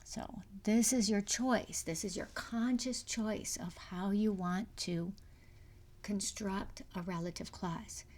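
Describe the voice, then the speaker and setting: A woman's voice: mid-range voice, steady tone, slow, darkish tone. A middle-aged woman giving a recorded university lecture, explaining step by step with many fillers and restarts. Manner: explanatory, frequent fillers and restarts, sometimes drops to a whisper. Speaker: university English instructor.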